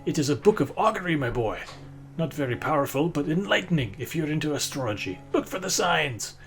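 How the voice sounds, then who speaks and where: A man voicing an old, energetic raccoon-dog wizard merchant with a put-on Scottish accent. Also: on the high side, brisk, soft background music, pitched above the performer's own voice. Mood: knowing.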